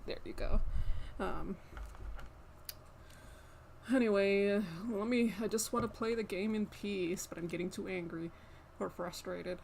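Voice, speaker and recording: A woman's voice: medium pitch, fairly even intonation, unhurried, gravelly, pauses often, slight background noise. Exasperated young woman streamer. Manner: exasperated, scolding a pet with sharp repeated commands; rambling, with many fillers. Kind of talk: casual live-stream chat.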